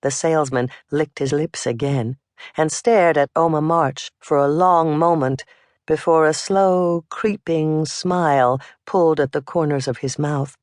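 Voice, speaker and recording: Slow steady audiobook reader, dry close sound. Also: medium pitch, no echo. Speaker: audiobook narrator. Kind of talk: scripted audiobook narration.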